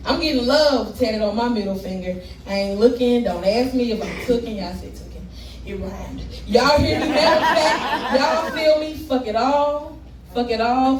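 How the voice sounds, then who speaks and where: A woman's voice: a little high, a little mellow. A woman performing spoken word poetry live at a poetry event, rhythmic, blunt and profane, with laughing asides to the crowd. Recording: echoey room, distant mic, background noise.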